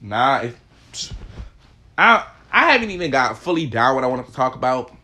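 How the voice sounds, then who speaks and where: A man's voice: mid-range voice, big pitch swings, moderate pace, bright, forceful tone. Heated, swearing man ranting. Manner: emphatic, profane, ranting. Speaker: podcast host. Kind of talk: heated opinion monologue.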